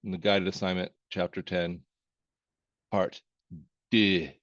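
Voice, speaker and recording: A man teaching accounting in a relaxed lecture, walking through problems step by step with folksy jokes and asides. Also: lowish voice, normal speed, no room sound. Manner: folksy and joking, with verbal asides. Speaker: accounting instructor. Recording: dry, slightly dull screen-recorded voice.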